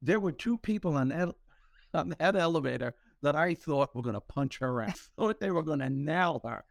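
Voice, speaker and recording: A man hosting a podcast, telling stories with humor in an animated, motivational way. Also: a little high, moderate pace, vocal fry, dry recording, clean studio sound. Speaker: podcast host. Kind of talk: motivational storytelling talk.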